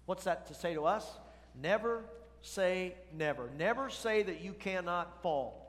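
A middle-aged male pastor delivers a sermon in a conversational way, often turning to the congregation with questions. His voice sits a little high. It rings with the long reverb of a large church hall. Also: expressive, a little slow. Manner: conversational preaching with rhetorical questions.

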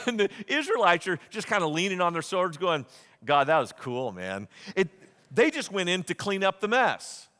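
A man preaching a sermon, retelling stories with lively, acted-out voices. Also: high voice, moderate pace, big-room sound. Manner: animated storytelling, acts out quotes. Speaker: pastor.

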